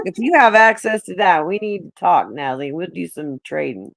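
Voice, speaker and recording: A woman's voice: lowish voice, animated, normal speed, creaky, a bit bright, no room sound. A woman chatting casually on a live audio panel, laid-back, joking and swearing freely.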